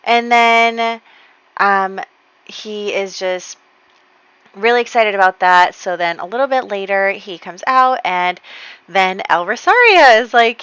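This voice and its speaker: A woman's voice: medium pitch, a little slow, fairly bright tone, clean tone, dry recording. A young woman casually narrating her life-simulation game, chatty and giggly with lots of fillers. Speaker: gaming channel host. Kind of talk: casual let's-play narration. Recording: slightly dull lo-fi dry voice.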